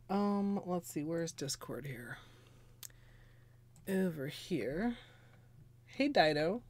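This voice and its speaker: Slow-talking woman, slightly under the weather. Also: low-pitched, lively intonation, darkish tone, dry recording. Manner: rambling, chatty, greets viewers, frequent laughs and fillers. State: under the weather, coughing and clearing throat. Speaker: nail art streamer. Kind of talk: casual livestream chat.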